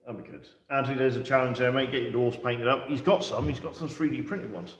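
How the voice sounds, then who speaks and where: A man's voice: medium pitch, fast talker. A man co-hosting a wargaming livestream, chatting casually, joking and swearing freely, laughing often. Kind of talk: casual banter, reading live chat. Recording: echoey room, mic far off.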